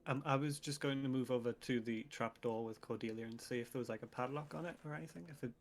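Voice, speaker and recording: A man's voice: medium pitch, fast. A man playing a tabletop game in a laid-back, joking way. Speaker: player. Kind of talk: casual tabletop play.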